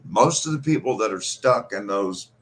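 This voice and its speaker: A man from Kentucky with a lowish voice talks in a loose, rambling podcast chat. He gets animated, stretching out words as he imitates how people talk back home. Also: moderate pace, slight background noise. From central Kentucky. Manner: rambling, animated storyteller who imitates regional pronunciations. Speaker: podcast host. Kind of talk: casual conversational chat.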